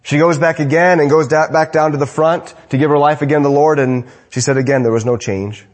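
Man preaching, rising then dropping low. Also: steady tone, fairly quick. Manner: swings from raised emphatic lines to low hushed drops; repeats phrases for emphasis. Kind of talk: evening sermon.

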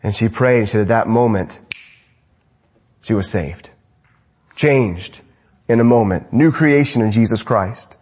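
A man preaching an evening sermon, rising to emphatic lines and dropping to hushed, low endings, repeating phrases for emphasis. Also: a little slow, long pauses, husky.

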